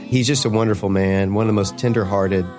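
A man with a lowish voice recounts a story as an interview guest. He jumps into animated voices for the people he quotes, with faint music under him. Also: fast. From Kentucky. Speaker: gospel singer guest.

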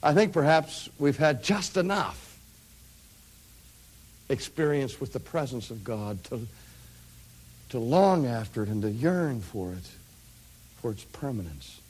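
A middle-aged man preaching a sermon, dropping to hushed near-whispers and rising to loud, ringing peaks. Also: mid-range voice, sing-song, measured pace, pauses often, breathy edge.

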